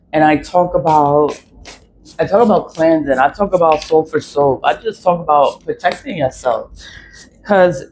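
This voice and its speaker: A woman vlogging in a casual monologue from a city high-rise apartment. She rambles, repeats phrases and mimics other people in quoted asides. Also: a little mellow, slight background noise, poor audio. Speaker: spiritual vlogger.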